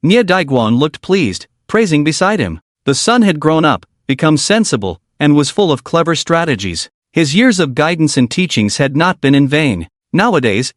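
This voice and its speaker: A man narrating a story recap in a brisk storytelling manner. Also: fairly high pitch, dry recording, clean studio sound.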